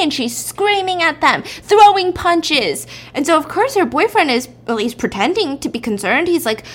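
High-voiced chatty woman telling a story. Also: normal speed, hardly any pauses. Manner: chatty, laughs often, animated retelling. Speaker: vlogger. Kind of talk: casual storytelling while cooking.

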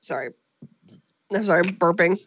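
A woman's voice: fairly low pitch, normal speed, background noise. A woman co-hosting a podcast, recapping a film in a rambling, casual way with lots of fillers. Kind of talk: casual chat.

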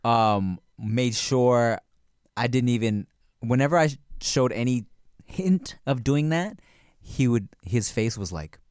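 A man co-hosting a casual podcast, telling stories from his childhood in a loose, laughing way. His pitch jumps around a lot as he acts out the people in his stories. The sound is close and dry. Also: slow, clean tone, no echo. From United States. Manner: animated storytelling, swearing, laughing often. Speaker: podcast co-host. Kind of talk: casual chat.

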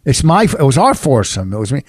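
A man's voice: medium pitch, big pitch swings, a little fast, dry recording. A middle-aged man chatting casually as a podcast co-host, rambling through a story with many restarts and fillers. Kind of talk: casual chat.

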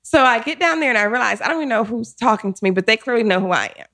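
A woman telling a personal story in a casual chat, animated and laughing often as she goes. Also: on the high side, rapid-fire. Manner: animated, laughing often, acts out quoted voices.

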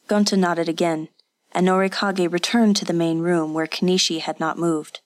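A woman narrating a story in an even, unhurried audiobook reading. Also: on the low side, no echo. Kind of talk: scripted narration.

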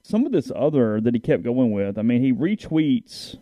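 A man co-hosting a casual sports talk show, halting and restarting as he reads. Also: mid-range voice, sing-song, mellow, no echo. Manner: halting, restarts while reading.

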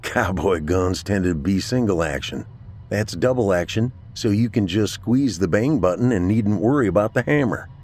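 A man doing a gruff, terse army veteran. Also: lowish voice, lively intonation, normal speed, darkish tone. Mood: firm. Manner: firm, terse.

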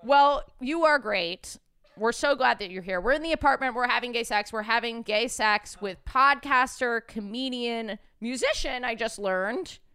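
A woman co-hosting a casual podcast from an apartment, brash, teasing and quick to swear. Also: on the high side, bright, forceful tone, smooth. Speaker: podcast co-host.

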